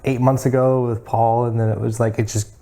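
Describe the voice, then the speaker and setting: A young man co-hosting a relaxed talk show, his voice mellow at a middle pitch. He jokes, rambles and repeats words as he gets going. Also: a little fast, vocal fry. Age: young adult. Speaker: podcast co-host. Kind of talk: casual chat.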